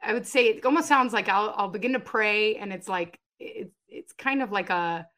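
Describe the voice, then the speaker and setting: Animated woman giving faith testimony. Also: mid-range voice, normal speed. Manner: emphatic, animated storyteller with sudden loud bursts. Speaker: guest. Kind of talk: conversational testimony.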